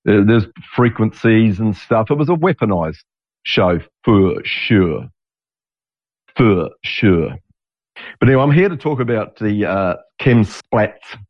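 On his own show, a man in his sixties from Australia rambles through a digressive monologue at a slow pace, his lowish voice full of lively intonation. He restarts sentences, swears from time to time, and comes through dull lo-fi audio.

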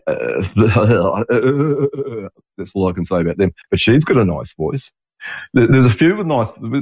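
Rambling older man, low voice. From Australia. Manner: digressive, restarts often, swears. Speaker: podcast host. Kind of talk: rambling casual monologue. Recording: dull lo-fi audio.

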